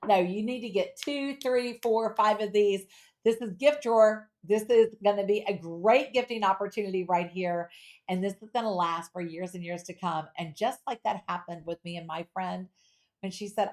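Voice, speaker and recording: A middle-aged woman hosting a live shopping show, selling jewelry in a chatty, playful, animated way and reading out viewer comments. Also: medium pitch, normal speed. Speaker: home shopping host. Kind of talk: live jewelry sales pitch.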